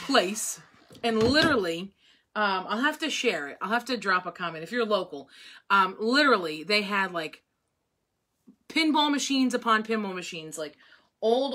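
A woman's voice: medium pitch, low-quality recording. A woman chatting casually while she crafts, rambling from one topic to another and laughing often. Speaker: craft vlogger. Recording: loud hair dryer noise.

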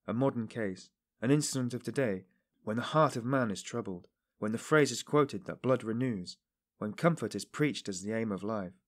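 A man's voice: medium pitch, natural voice. A man reading a shrewd, probing investigator. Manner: insistent, animated, rising to emphasis. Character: shrewd middle-aged male investigator, probing. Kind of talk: audiobook character reading.

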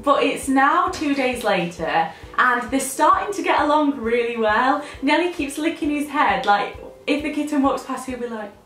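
A woman's voice: sits high, animated, moderate pace, hardly any pauses, fairly bright tone, echoey room, soft background music. A woman, chatting to camera in a bubbly, rambling vlog. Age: 20s. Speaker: lifestyle vlogger.

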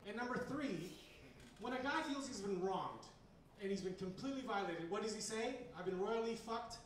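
A man's voice: high-pitched, expressive, moderate pace, fairly bright tone, slight background noise. A man performing a stand-up comedy set at a bar's comedy night, talking in a rambling, hesitant way with lots of fillers. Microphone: handheld recorder in the audience. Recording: echoey bar room from far off.

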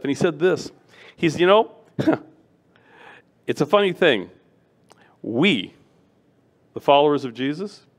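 A middle-aged man preaches as a guest speaker, his voice sitting a little high for a man. He talks in an animated way, acting out the people in his stories. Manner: animated, acts out voices of children and people he quotes. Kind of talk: sermon.

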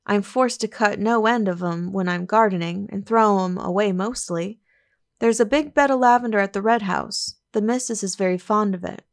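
A woman's voice: medium pitch, moderate pace, close to an everyday voice. A woman plays a keen young country gardener, earnest and obliging, full of plain rustic talk. He is heard in an audiobook reading.

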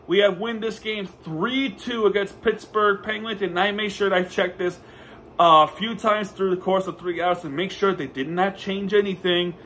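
A high-pitched man gives a casual play-by-play recap as a hockey fan, tripping over names and correcting himself as he goes. His voice is bright and forceful, with a faint hiss of noise behind it. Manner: excitable, stumbling, self-correcting fan commentary.

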